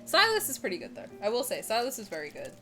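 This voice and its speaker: A woman's voice: a little high, huge pitch swings, fast, fairly bright tone, faint music behind. A young woman streamer chatting casually and candidly while she plays a game, joking and swearing freely. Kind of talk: casual live-stream chat while gaming.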